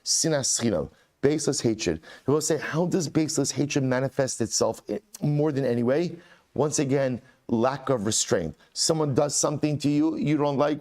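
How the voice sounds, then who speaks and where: A man's voice: medium pitch, animated, normal speed, a little mellow. Man, rabbi, Talmud lesson, reads Aramaic then explains in English, repeats phrases. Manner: repeats key phrases for emphasis. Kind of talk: Talmud lesson, reading and translating.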